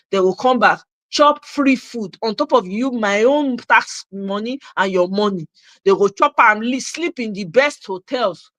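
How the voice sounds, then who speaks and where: A woman's voice: a little high, fairly bright tone, no room sound. A woman with a Nigerian accent hosting a live political commentary show, ranting passionately and slipping Pidgin into her English. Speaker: host.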